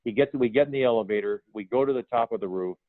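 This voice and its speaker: A man's voice: medium pitch, quick pace, no echo. Older man telling stories over a tinny line. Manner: animated anecdotes, acts out quoted dialogue. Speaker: guest, film production designer. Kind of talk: storytelling interview. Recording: tinny phone line, dry.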